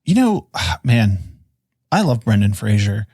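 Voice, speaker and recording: Slow, lively-pitched joking man. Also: no room sound, studio quality. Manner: joking, drawn-out delivery. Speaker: podcast co-host. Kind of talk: casual chat.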